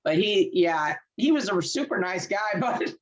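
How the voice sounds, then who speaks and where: A woman, a guest telling her story in casual chat, animated and laughing often as she acts out quoted voices. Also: mid-range voice, a little slow, highs cut off. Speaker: interview guest.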